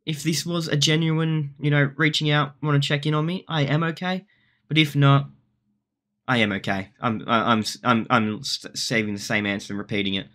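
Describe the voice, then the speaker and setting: A slightly high, fairly bright male voice with fairly even intonation moves at a moderate pace. It belongs to an Australian YouTuber giving casual, rambling vlog commentary, self-deprecating and prone to restarting his sentences.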